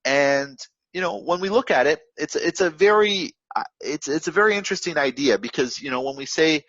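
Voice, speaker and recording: A man's voice: on the high side, animated, fairly quick, fairly bright tone, no room sound, muffled recording. A man coaching forex traders in a casual motivational talk, rambling and full of fillers and repeats. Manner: rambling, filler-heavy, repetitive, instructive.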